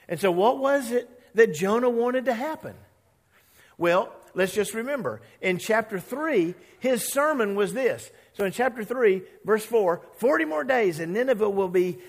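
A high-voiced man preaches as a pastor, and a long reverb tail hangs on his words. He's animated and talks conversationally, slipping into character voices and getting the congregation to repeat after him.

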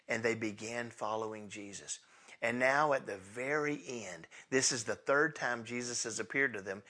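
A man preaching a sermon in a casual, conversational way, swinging between loud bursts and hushed asides as he tells the story. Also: medium pitch. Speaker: pastor.

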